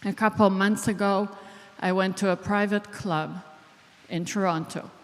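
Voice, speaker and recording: An Israeli woman, a clinical psychologist, giving a deliberate speech to an audience. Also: medium pitch, fairly even intonation. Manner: slow, deliberate, emotional at moments. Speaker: clinical psychologist, event organizer. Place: large hall. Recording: long reverb of a large hall.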